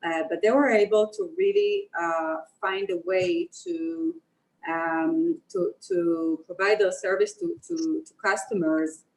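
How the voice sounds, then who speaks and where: A woman's voice: mid-range voice, big pitch swings, slow, vocal fry, low-quality recording. A woman investor on a webinar panel, speaking hesitantly with many fillers.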